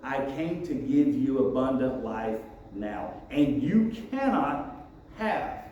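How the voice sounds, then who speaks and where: A man preaching a sermon as pastor, in a relaxed, joking, conversational way with lots of asides. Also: medium pitch, slow, highs cut off. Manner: casual and joking, with many asides. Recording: very echoey room, mic far off, faint noise.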